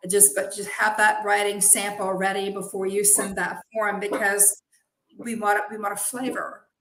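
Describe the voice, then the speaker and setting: A woman's voice: medium pitch, level tone, normal speed, pushed and bright. A woman chatting as an interview guest, enthusiastic and full of praise for her coworkers. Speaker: guest, zine head witch. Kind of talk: casual interview chat. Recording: echoey room.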